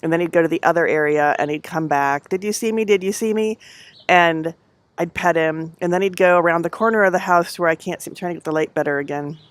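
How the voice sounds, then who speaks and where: A woman's voice: sits low, steady tone, fast. A middle-aged woman hosting a casual livestream from home on a headset mic, chatty and rambling with lots of fillers. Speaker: knitting livestream host. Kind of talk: casual chat.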